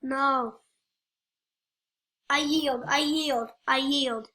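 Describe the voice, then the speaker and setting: A woman's voice: sits high, steady tone, extremely slow, sharp tone. A woman giving playful, rambling gameplay commentary, joking and talking to the other players.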